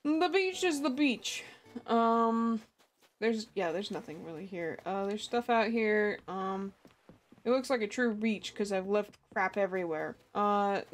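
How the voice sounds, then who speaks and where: A woman streamer chatting casually and giggling often as she plays a cozy life-sim game and greets her chat. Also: mid-range voice. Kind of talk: casual gaming livestream chat.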